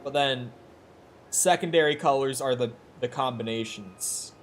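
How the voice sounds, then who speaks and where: With soft music playing in the background, a man of medium pitch talks at a measured pace while streaming a game. He keeps up casual, rambling banter with viewers, joking and laughing frequently. He's wearing headphones and using a headset or desk mic.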